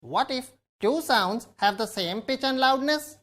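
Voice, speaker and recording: A woman's voice: high voice, expressive, a little slow, fairly bright tone. Curious woman asking science questions. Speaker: student. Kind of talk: scripted educational dialogue.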